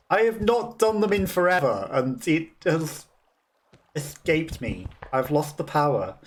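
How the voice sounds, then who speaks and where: A young man with a Black Country accent, chatting and laughing at himself while streaming a game. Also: a little high. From West Midlands, England. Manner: chatty, self-mocking, laughs often. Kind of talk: casual gameplay commentary.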